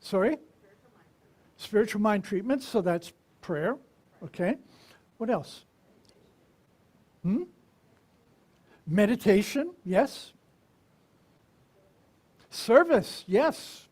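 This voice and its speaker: Slow, mellow-voiced minister preaching. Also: medium pitch, animated, breathy edge. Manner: conversational, asks the congregation questions; unhurried and reflective, with pauses. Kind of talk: sermon.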